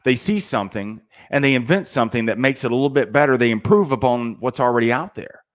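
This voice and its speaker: A man's voice: medium pitch, lively intonation, fast. A middle-aged man giving a casual motivational talk to salespeople, preachy and peppered with "man".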